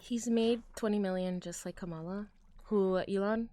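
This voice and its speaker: A woman streamer chatting casually with her chat while crafting, rambling with fillers and trailing off into quiet mutters as she works. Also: mid-range voice, steady tone, moderate pace. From United States.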